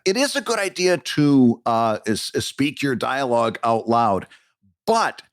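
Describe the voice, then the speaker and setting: A man's voice: mid-range voice, big pitch swings, measured pace, no room sound, clean studio sound. A man co-hosting a podcast in casual chat, talking in rambling bursts with many restarts. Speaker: podcast co-host.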